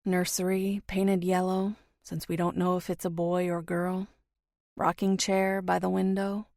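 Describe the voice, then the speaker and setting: A woman narrator voicing a tender, protective man who reassures his partner softly. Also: lowish voice, flat delivery, unhurried, creaky, no room sound, studio quality.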